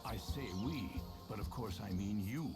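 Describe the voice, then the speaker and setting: A man playing a formal, proud village doctor in a video game, speaking in a measured way. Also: fairly low pitch, expressive, natural voice. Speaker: game character. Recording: game audio under loud music. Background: loud game music.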